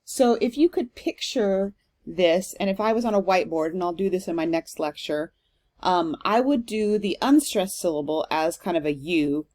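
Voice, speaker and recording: Woman giving a recorded lecture. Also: lowish voice. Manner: explanatory, steady, with frequent ums. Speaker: literature instructor.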